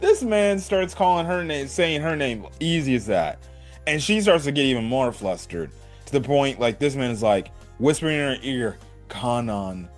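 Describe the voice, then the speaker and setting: A man chats through a casual video review with a lively, swooping voice, laughing often and dropping swear words. He keeps checking in with the listener by asking "right?" Soft music plays faintly behind him. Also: mid-range voice, moderate pace. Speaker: anime reviewer.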